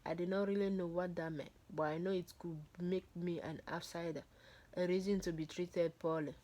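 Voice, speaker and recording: A woman's voice: lowish voice, steady tone, normal speed, mellow. Woman reading a book aloud. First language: not English. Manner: breaks off reading to comment and joke. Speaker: book reader.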